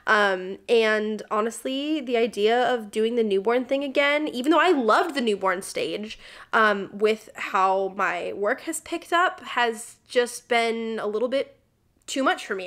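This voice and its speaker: A young woman, a vlogger and stay-at-home mom, talking candidly with lots of fillers and sometimes close to tears. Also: on the high side. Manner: rambling, many "like" and "um" fillers; emotional, close to tears at times. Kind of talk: candid confessional vlog talk.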